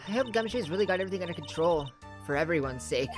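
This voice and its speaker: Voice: medium pitch, animated, very fast, over music. A game streamer casually reading dialogue and commenting on a playthrough, in a chatty, self-deprecating way.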